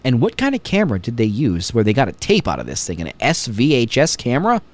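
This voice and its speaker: A man's voice: mid-range voice, wildly swooping pitch, fast, dry recording. A man hosting a podcast, chatting casually and jokingly retelling scenes with many fillers. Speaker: podcast host. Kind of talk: casual chat.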